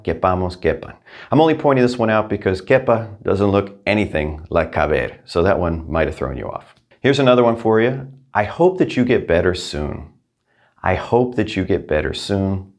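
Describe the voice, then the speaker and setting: Male language teacher, deep voice, upbeat, clear repetition drills. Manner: upbeat, repeats each practice sentence twice. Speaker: Spanish teacher. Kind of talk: language lesson.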